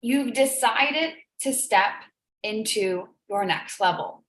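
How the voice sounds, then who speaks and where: A woman's voice: fairly high pitch, lively intonation, slow, a bit bright. A woman hosting a live business coaching stream, talking earnestly and emotionally, repeating phrases for emphasis. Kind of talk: live-stream motivational talk. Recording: echoey room.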